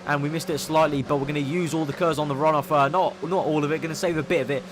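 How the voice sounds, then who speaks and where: A man's voice: fairly high pitch, fast, background noise. Eager young man commentating a racing game. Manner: eager play-by-play, excitable when overtaking. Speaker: gaming commentator.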